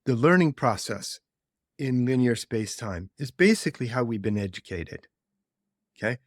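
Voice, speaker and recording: A man calmly explaining ideas in conversation. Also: mid-range voice, no room sound, studio quality. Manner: measured, explanatory. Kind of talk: reflective conversation.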